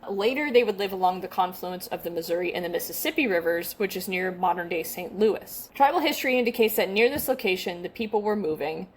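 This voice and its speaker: A woman's voice: lowish voice, expressive, quick pace, hardly any pauses, slightly rough. Young adult woman, casual podcast co-host; conversational, self-deprecating read. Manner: chatty, self-deprecating, stumbles over names. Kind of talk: casual chat, reading from notes.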